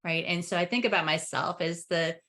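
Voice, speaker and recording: Animated woman coaching on a webinar. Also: on the low side, fairly quick. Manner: animated, laughs while explaining, acts out family dialogue. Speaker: parenting coach guest. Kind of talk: webinar conversation.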